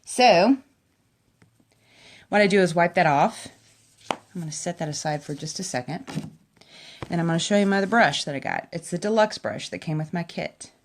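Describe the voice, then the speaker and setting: A woman's voice: lowish voice, lively intonation, moderate pace, pauses often. A woman giving a chatty, enthusiastic makeup tutorial at home, talking straight to her viewers. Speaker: makeup vlogger. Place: at home by a window.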